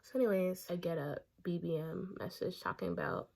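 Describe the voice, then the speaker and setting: A young woman vlogger telling a casual story time while doing her makeup, animated and chatty, acting out the quotes. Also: fairly low pitch, fairly quick, creaky. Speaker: beauty vlogger.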